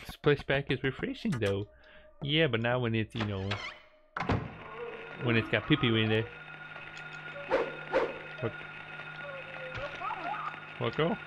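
A man's voice: medium pitch, slow, long pauses, loud music behind the voice. Playful man telling a story. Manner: playful, animated, teasing, keeps saying "girl". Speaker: gaming streamer. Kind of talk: casual storytelling while streaming a game. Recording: steady background noise.

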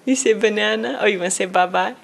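A woman's voice: medium pitch, quick pace, gravelly. A young woman filming her baby at home, coaxing her to talk in a sing-song voice and often laughing.

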